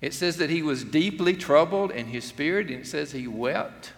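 A man's voice: on the high side, expressive, moderate pace, gravelly. A middle-aged man, preaching an earnest, conversational sermon and acting out quotes. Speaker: pastor. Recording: long hall reverb.

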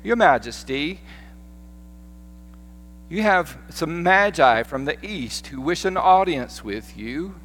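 A man's voice: a little high, lively intonation, slow pace, pauses often, a bit bright, a little hiss or hum, voice pushed up. A man voicing a fawning male royal servant, a Southern American faking a British accent. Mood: formal.

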